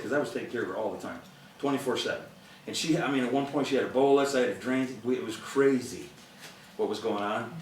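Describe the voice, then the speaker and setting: Picked up from a distance with a little hiss or hum, this middle-aged man speaks at a medium pitch. He's a motivational speaker giving an audience an earnest talk in a conversational style, with frequent laughter, while the echoey room adds to the distance from the mic.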